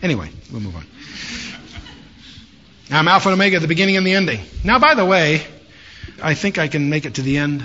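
Bright-voiced man teaching the Bible. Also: on the high side. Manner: conversational, storytelling asides. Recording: dull lo-fi sound with faint hiss.

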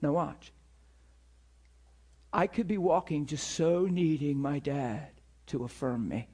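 Slowly, in a slightly high voice with a breathy edge, a man preaches a sermon and recounts a personal story. He's animated throughout, regularly laughing and repeating words.

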